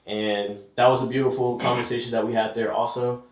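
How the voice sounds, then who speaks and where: A man's voice: medium pitch, little pitch movement, brisk. A man hosting his interview show, laid-back and friendly, with a lot of casual slang. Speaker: podcast host. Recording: echoey room.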